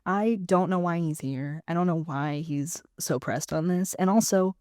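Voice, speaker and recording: A podcast co-host chatting casually, sarcastic, acting out scenes from a show in quick voices. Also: medium pitch, a little mellow, dry recording, studio quality. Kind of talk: casual chat.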